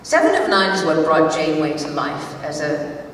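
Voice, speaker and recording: A woman in her sixties answering fan questions on a convention panel, with a theatrical, emphatic and measured delivery. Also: sits low. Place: large convention hall with audience. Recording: distant, echoey hall recording with crowd noise.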